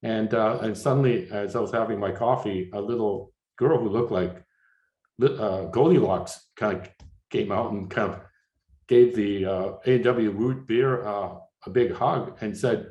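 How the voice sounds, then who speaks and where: An older man from Canada walks an audience through his slides in a low voice, stopping and restarting often, his words padded with "uh" and "you know." The room is echoey, like a lecture hall. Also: darkish tone, dull audio. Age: 60s. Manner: halting, many fillers and restarts. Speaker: artist giving a slide lecture.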